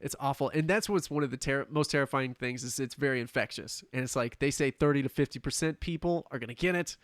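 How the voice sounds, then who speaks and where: A man's voice: medium pitch, fast, no room sound, clean studio sound. A man speaking as a podcast guest in casual conversation, earnest and thoughtful.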